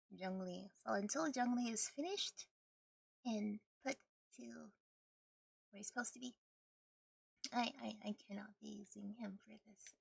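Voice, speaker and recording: A woman's voice: mid-range voice, vocal fry, slightly rough, no echo, clean studio sound. A woman streaming a video game, chatting casually and rambling with frequent laughter. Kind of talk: casual gameplay stream chat.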